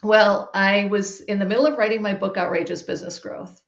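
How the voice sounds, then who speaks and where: A woman tells a personal story with animated emphasis. Her voice sits at a middle pitch. The recording is roomy and slightly muffled. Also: a little fast, vocal fry, slight background noise. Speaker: guest. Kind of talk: storytelling in a podcast conversation. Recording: roomy, dull-sounding recording.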